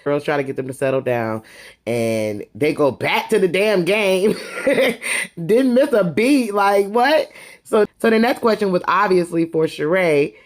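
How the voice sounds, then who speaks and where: A woman casually recapping a reality TV episode, gossipy and animated, breaking into laughs as she acts out what the cast said. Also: on the low side, measured pace.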